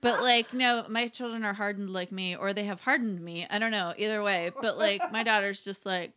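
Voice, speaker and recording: Bright-voiced frank woman, podcast chat. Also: medium pitch, fairly even intonation, moderate pace, clean tone. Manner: frank, swears freely, laughs easily. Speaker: podcast co-host. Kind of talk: casual chat.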